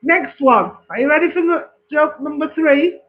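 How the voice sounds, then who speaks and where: A woman's voice: sits high, normal speed, narrow, tinny audio. An English woman telling jokes casually, chatty and checking in with her listener. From England. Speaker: joke teller.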